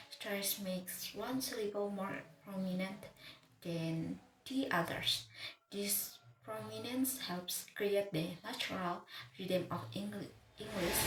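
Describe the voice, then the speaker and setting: Woman teacher, unhurried, careful delivery, stumbles and restarts words, echoey room with faint background hum. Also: medium pitch, a bit bright. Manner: halting, restarts words mid-syllable. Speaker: English teacher. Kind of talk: slow, careful lesson explanation.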